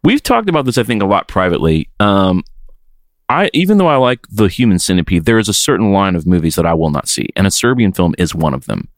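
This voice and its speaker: A man's voice: sits low, sing-song, fast talker, dry recording, studio quality. A man hosting a podcast, chatting in a playful, rambling way and reading out listener emails. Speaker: podcast host. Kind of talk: casual podcast chat.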